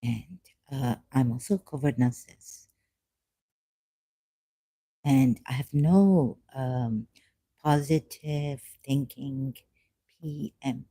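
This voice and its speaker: A vlogger talks slowly through a rambling monologue, halting on fillers and turning sarcastic and self-mocking. The voice is deep-toned, very dark and mellow. The sound is dry with no room echo. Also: breathy edge. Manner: self-mocking, laughs often.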